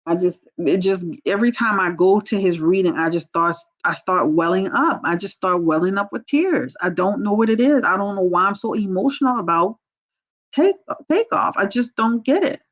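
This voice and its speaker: A woman's voice: medium pitch, fairly quick, hardly any pauses, highs cut off. A woman hosting a tarot livestream, talking to her viewers in a blunt, candid, casual way and calling them y'all. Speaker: tarot reader and livestream host.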